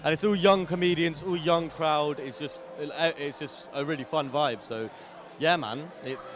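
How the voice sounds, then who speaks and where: A man's voice: fairly high pitch, unhurried, noisy background. A male comedian and company co-founder answering eagerly in a casual interview outside a venue, full of fillers. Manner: eager, with lots of fillers and laughter.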